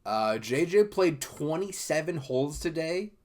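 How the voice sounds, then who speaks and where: A man's voice: on the high side, expressive, unhurried, darkish tone. A man hosting a golf podcast alone, talking loosely and rambling, with frequent fillers and restarts. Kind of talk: casual solo podcast chat.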